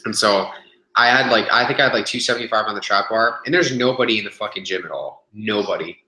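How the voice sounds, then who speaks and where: Young man, casual webcast story, bright forceful voice, rambling with fillers, profane, echoey room. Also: on the low side, fast talker. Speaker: vlogger telling a gym story.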